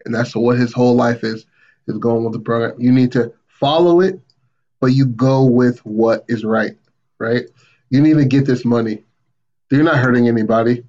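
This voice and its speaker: A man on a podcast recaps a story in loose, casual chat, swinging his pitch up whenever he quotes a character. His mid-range voice comes through muffled, like a poorly checked mic. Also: normal speed. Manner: animated retelling, acts out quotes with raised pitch. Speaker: podcast co-host.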